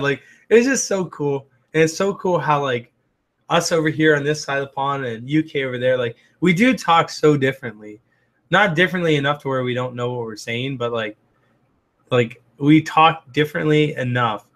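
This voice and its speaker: Male host, medium pitch, casual and chatty, answers chat on the fly with lots of fillers. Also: a bit bright. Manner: chatty and upbeat, loose with fillers and restarts. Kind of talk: casual live-stream chat.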